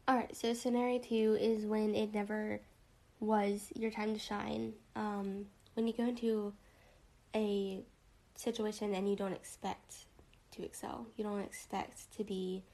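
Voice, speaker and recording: A young woman hosting a casual reflective monologue, rambling with lots of fillers and a rough morning voice. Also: medium pitch, darkish tone, rough recording. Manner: rambling, lots of likes and ums. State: morning voice, throat a bit rough.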